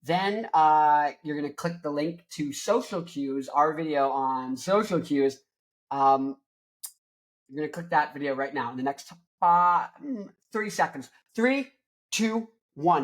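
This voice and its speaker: A young man hosting a rock show, joking and rambling loudly, with crude asides. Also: on the high side, measured pace. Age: young adult. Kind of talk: rambling comedic music talk.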